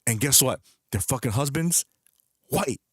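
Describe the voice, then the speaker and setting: A man's voice: medium pitch, expressive, a little slow, breathy edge. A young man livestreaming, talking in a heated, profane rant, stumbling and restarting his sentences. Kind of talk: casual chat.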